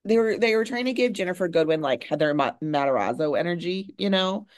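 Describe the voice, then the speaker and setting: Low-voiced woman podcast co-host. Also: expressive, a little fast, a little mellow. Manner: chatty, repeats words while finding her point. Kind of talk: casual chat.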